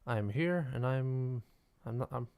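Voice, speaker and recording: A man's voice: medium pitch, measured pace, vocal fry, a little mellow, clear, resonant tone. A man hosting a casual live stream, rambling and stammering as he reacts to the chat. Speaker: livestream host.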